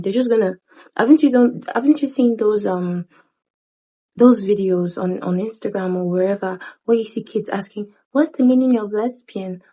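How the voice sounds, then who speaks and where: A young woman talks straight to her viewers in an easy, chatty style. Her voice is mellow and soft-edged, never sharp. She jumps into quick playful asides and laughs at herself as she goes. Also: medium pitch, slightly rough, low-quality recording. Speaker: lifestyle vlogger. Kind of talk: casual advice talk to camera.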